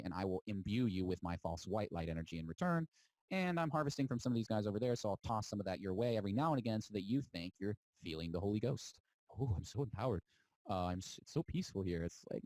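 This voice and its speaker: A man's voice: on the low side, warm tone, no echo, rough recording. A man delivering an impassioned, defiant monologue as a podcast host, mocking and preachy, drawing out words for emphasis.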